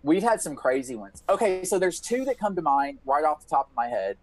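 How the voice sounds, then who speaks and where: On a casual podcast, a male co-host tells a wild story, swearing freely and animatedly acting out everyone's lines. His voice is on the high side and fairly quick, on a low-quality recording.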